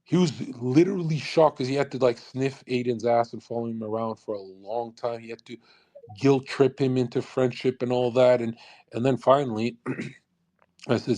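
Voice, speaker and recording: A man's voice: mid-range voice, steady tone, moderate pace, warm tone. A young man ranting on a live stream, blunt and intense, swearing freely and acting out other people's voices, into a studio condenser microphone. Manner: acts out quoted people in changed voices. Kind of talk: live commentary rant. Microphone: USB condenser studio mic.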